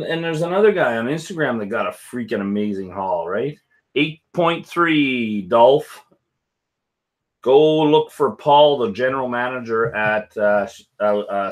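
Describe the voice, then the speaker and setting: A man's voice: medium pitch, lively intonation, measured pace. A man hosting a casual whisky chat at home, rambling and joking with frequent laughs. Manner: rambling, jokey, loud laughs. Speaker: whisky channel host.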